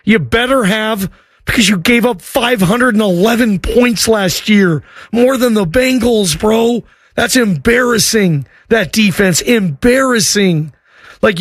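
A man's voice: high voice, fairly bright tone, no echo, studio quality. A man hosting a sports talk show, arguing emphatically and often repeating words. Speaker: sports radio host. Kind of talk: sports talk radio rant.

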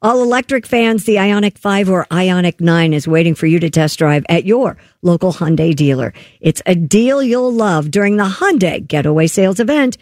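A man on a radio show reading a live ad with an upbeat pitch, his voice quite high. The sound is dry and close to the mic. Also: lively intonation, normal speed, few pauses, darkish tone, no room sound.

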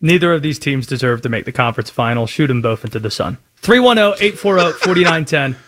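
A male sports radio host, quick and wry, needling his co-host with blunt takes. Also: mid-range voice, lively intonation, fairly bright tone. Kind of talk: sports talk radio debate.

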